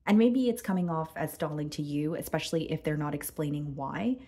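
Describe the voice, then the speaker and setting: A woman giving a casual tarot reading to her viewers, chatty and full of fillers, a bit hoarse and clearing her throat. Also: low voice, fairly quick, dark tone. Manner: chatty, addresses viewers as guys, many fillers. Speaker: tarot reader.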